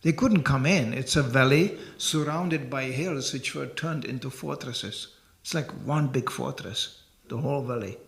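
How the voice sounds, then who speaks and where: Older man with a gravelly voice. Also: mid-range voice, a little slow, hardly any pauses. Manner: animated, chuckling storyteller. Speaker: monk giving a temple lecture. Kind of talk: sermon with storytelling.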